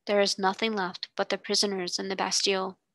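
A woman voicing a young girl who speaks in a low, quiet, grave way. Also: little pitch movement, a little fast, dry recording, natural voice. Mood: sad.

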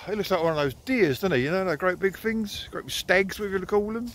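He talks fast and barely pauses, his pitch high, with slight noise behind him. This middle-aged man is recording on a handheld phone while walking his dogs by the water in the countryside, chattering to them in a playful, teasing sing-song.

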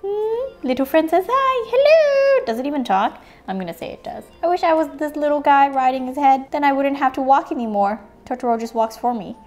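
A woman's voice: high voice, fast, few pauses, warm tone, faint music behind. A woman hosting a playful toy unboxing, cracking puns and making little sound effects and animal noises as she goes.

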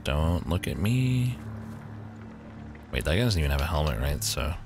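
A man's voice: rumbling low, very animated, normal speed, vocal fry. A man streaming a game live, giving casual, joking commentary and laughing often. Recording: game music playing behind the voice.

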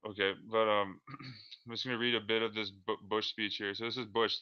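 A man giving casual commentary over a screen share, halting and full of "like" and "uh". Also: on the low side, flat delivery, smooth, lo-fi sound. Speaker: video creator.

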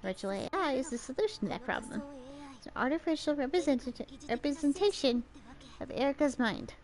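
A woman's voice: high-pitched, expressive, a little fast, darkish tone. A young woman streaming a game, reading its dialogue aloud in different voices and adding casual comments of her own. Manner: reads dialogue in several voices between casual asides.

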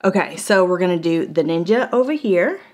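A woman's voice: on the low side, moderate pace, a little hiss or hum. A woman with a put-on American country twang, reviewing cookware in a jokey, chatty way at a home kitchen counter. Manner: jokey, animated, laughing asides. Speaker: product reviewer vlogger. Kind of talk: casual chatty product test.

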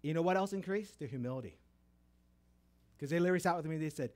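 A man's voice: on the high side, fast, pauses often, darkish tone. A man preaching a testimony sermon, telling stories animatedly and acting out voices in quoted dialogue. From Texas.

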